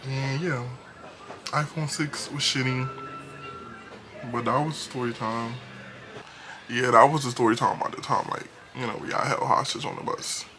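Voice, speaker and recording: A young man telling a storytime vlog in an animated, casual way, laughing often. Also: medium pitch, normal speed, long pauses, background noise. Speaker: vlogger.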